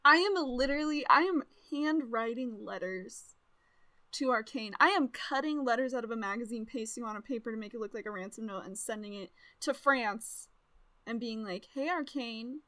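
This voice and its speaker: An excitable woman co-hosting a podcast in loose, casual chat. Her voice sits high, and she rambles from thought to thought with quick laughs. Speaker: podcast co-host.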